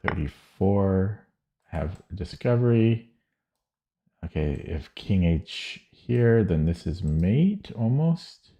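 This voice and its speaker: A man streaming chess puzzles, thinking aloud in halting, muttered phrases and correcting himself as he goes. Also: sits low, highs cut off.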